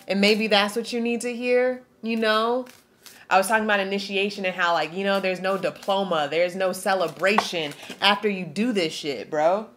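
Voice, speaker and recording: A woman's voice: medium pitch, moderate pace, a bit bright, a little hiss or hum. A woman giving a spiritual tarot reading to camera. She preaches in an emphatic, slangy way, reads aloud from a card book, and is tearful. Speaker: tarot reader.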